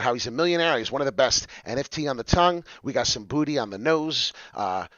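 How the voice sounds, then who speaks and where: A man hosting a casual crypto video, talking excitably and rambling with lots of filler "uh"s over a screen share, in a dry, slightly dull recording. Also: medium pitch, a little fast, hardly any pauses, dry recording.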